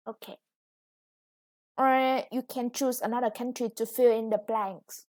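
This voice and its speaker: A woman's voice: fairly high pitch, fairly even intonation, unhurried, long pauses, darkish tone. A woman English teacher with a Vietnamese accent, explaining a lesson patiently. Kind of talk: recorded classroom lesson.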